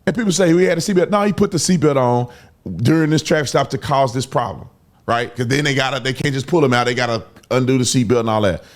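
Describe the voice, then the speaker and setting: A man's voice: medium pitch, quick pace. A man commenting on a clip, describing what happens in plain, casual speech.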